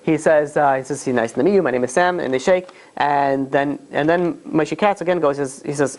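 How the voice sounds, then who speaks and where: A male rabbi telling a story in a relaxed sermon, full of fillers and restarts, with quick put-on voices for the people in it. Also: a little high. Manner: rambling, many fillers, acts out quoted voices.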